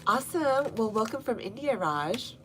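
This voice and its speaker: A woman's voice: on the high side, sing-song, normal speed, fairly bright tone, a little hiss or hum. A young woman with a Texas accent hosting a casual gardening live stream, chatty and easygoing, answering viewers by name with frequent laughs. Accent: Texan. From North Texas. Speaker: gardening channel host. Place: home front garden, outdoors.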